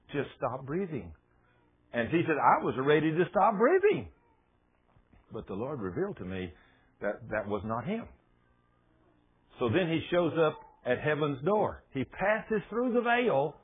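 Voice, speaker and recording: A man preaching a sermon who tells a story dramatically and drops to a hush when he quotes someone. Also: fairly high pitch, breathy edge. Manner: dramatic retelling, dropping to hushed tones for quotes. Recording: tinny phone-like radio broadcast.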